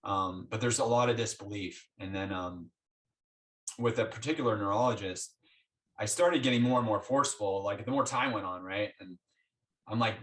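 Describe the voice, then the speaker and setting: A man's voice: lowish voice, normal speed, distant mic. A man being interviewed, telling his story in a conversational way and acting out the dialogue he had with his doctors. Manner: animated, acts out quoted dialogue with doctors. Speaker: interview guest.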